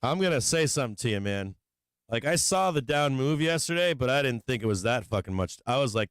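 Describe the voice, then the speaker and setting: A man's voice: mid-range voice, lively intonation, fairly quick, clean tone, dry recording, studio quality. A man hosting a stock market livestream, chatting casually, a little tipsy, swearing a lot and laughing often. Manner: profane, rambling, laughing often. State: tipsy from drinking. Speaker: livestream market show host.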